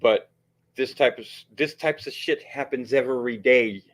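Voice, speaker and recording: A man's voice: mid-range voice, normal speed. A man giving heated, profane livestream commentary, rambling with frequent restarts and fillers.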